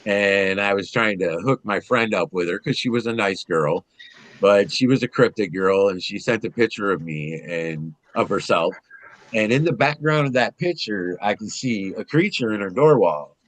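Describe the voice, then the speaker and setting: A man's voice: lowish voice, moderate pace, dry recording. Rambling man telling spirit stories. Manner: rambling, animated, swears, restarts often. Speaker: guest. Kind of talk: casual storytelling conversation.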